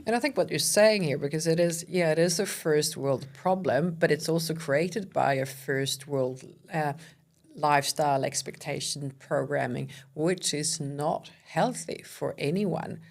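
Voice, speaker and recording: Low, gravelly woman podcast host. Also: unhurried. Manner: thoughtful, repeats words while searching for phrasing. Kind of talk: reflective interview chat.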